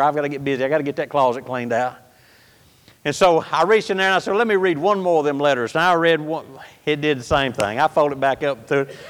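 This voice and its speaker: Folksy preacher in a reverberant hall. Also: male voice, fairly high pitch, clear, resonant tone. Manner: folksy, animated, swings between loud and hushed. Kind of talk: sermon storytelling.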